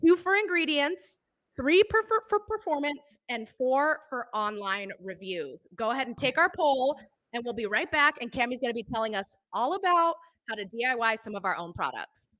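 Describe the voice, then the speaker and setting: A woman hosts a live TV show in a high, bright voice. Her delivery is upbeat and presenter-like as she moves the segment along. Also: sing-song, normal speed. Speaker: TV show host. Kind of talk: live TV hosting.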